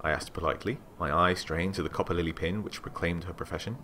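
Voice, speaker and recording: Male let's play host, deep, bright-edged, animated reader. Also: quick pace, a little hiss or hum. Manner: excitable, animated, reads aloud with asides. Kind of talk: let's play commentary and reading game text.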